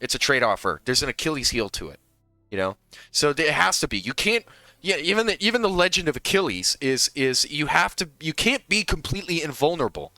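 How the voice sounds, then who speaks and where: A young male game coach breaks down plays in a heated, profane way, with frequent restarts. His voice is bright and forceful, close on the mic in a dry room. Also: on the high side, very animated, brisk, no room sound. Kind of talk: casual gameplay breakdown.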